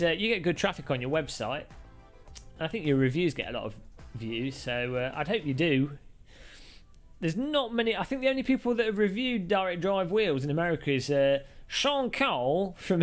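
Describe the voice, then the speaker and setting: A man hosting a live stream, chatting casually in a jokey, rambling, self-deprecating way. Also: fairly high pitch. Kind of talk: casual live-stream chat while sim racing.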